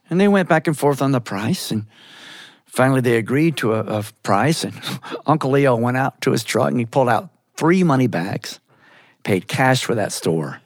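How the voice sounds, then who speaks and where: A man from Georgia, telling a story in an animated way with chuckling asides. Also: medium pitch, normal speed, dry recording, clean studio sound. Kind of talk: storytelling performance.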